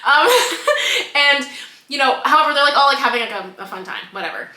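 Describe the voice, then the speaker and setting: Young woman podcast cohost, bright higher voice, animated retelling, swears a lot, echoey room. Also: brisk. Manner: animated storytelling, acting out characters, swearing. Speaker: podcast co-host. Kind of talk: casual chat.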